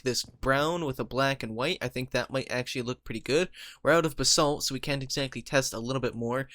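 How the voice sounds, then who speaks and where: A man giving casual commentary over his own gameplay, thinking out loud about his build and laughing easily. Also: mid-range voice, no echo. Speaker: Minecraft let's player.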